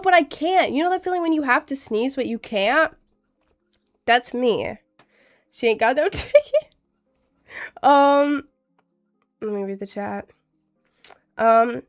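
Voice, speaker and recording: A young woman streaming live with a cold, chatting in a rambling, giggly way and reading out chat. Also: fairly high pitch. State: has a cold.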